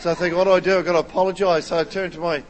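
Man, 30s, pastor, sermon, animated storyteller, slightly high voice, long hall reverb. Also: rapid-fire, a faint crowd, slight background noise. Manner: animated storytelling, rising to near-shouting. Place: large church hall.

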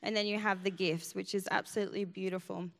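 A woman's voice: mid-range voice, flat delivery, fast talker, gravelly. A woman pastor preaching a sermon, telling a personal story in an emphatic way. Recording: long hall reverb.

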